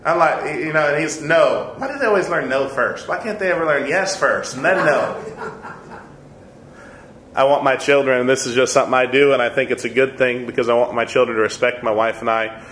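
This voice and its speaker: Speaking a little fast in a medium-pitched, fairly bright voice, a man in his thirties gives a conversational Bible lesson to an adult Sunday school class. The echoey church room carries slight background noise. He's earnest, repeats himself, and chuckles at his own remarks.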